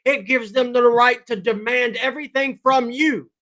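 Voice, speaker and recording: A man's voice: very high voice, fairly even intonation, normal speed, sharp tone. A man hosting a political commentary podcast, ranting emphatically. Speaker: podcast host.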